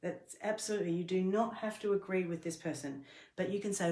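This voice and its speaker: A middle-aged woman with a low voice gives a workplace training talk. She explains earnestly and patiently, now and then stumbling and restarting a phrase. The room around her rings with a noticeable echo. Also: brisk, mellow. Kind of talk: instructional talk to camera. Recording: roomy echo.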